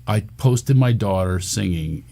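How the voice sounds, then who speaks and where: A man from the Philadelphia area, a comedian guest on a talk radio show, riffing with quick jokes and animated stories. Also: lowish voice, gravelly. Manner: rapid jokey riffing, animated storytelling. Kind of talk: casual talk radio chat.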